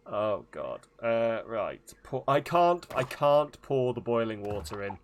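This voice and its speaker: A man's voice: medium pitch, animated, slow, long pauses, a little hiss or hum. A man livestreaming a game, chatting in a giggly, self-mocking way. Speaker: streamer. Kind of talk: casual gaming livestream chat.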